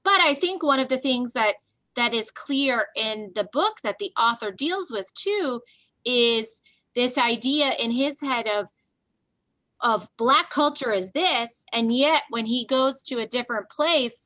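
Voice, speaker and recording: A woman's voice: fairly high pitch, sharp tone, dry recording. A woman co-hosting a casual discussion, thinking aloud and searching for her words as she goes. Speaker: co-host.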